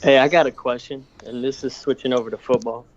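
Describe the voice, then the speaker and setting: A man's voice: medium pitch, fairly even intonation, fast, a little hiss or hum. A man asks a sports question in a jokey way on a call-in stream. His voice comes through a dull, lo-fi line. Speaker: caller. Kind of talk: casual sports chat.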